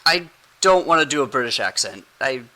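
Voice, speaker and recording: A playful, giggly man chats at a quick clip as the host of a tabletop game podcast. His voice is very bright and forward, with a middle pitch. He rambles and laughs through his jokes. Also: very animated, rough recording. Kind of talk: casual podcast chat.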